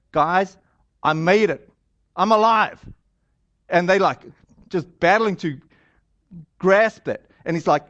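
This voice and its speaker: A man's voice: high-pitched, dull audio. A man preaching a sermon in a casual, conversational storytelling manner, acting out the lines he quotes.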